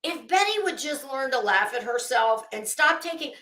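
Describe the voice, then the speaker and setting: A woman hosts a live stream in a sharp, bright voice pitched a little high. She reads the chat and trades catty, sarcastic gossip, swearing freely. The sound carries a roomy echo. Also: animated, moderate pace, hardly any pauses. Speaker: livestream host.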